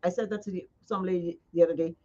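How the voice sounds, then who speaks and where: A woman with a fairly low, dark, steady voice talks fast while showing face massage techniques live from a skincare studio. Chatty and coaxing, she addresses viewers directly; the audio is slightly dull and lo-fi.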